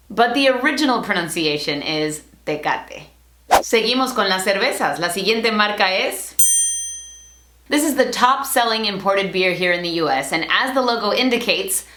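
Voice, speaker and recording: A young woman teaching pronunciation in a bilingual lesson, speaking with clear, deliberate enunciation. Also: a little high, a bit bright, reverberant, slight background noise. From Latin America. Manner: clear, deliberate enunciation, switching between English and Spanish. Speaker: language teacher.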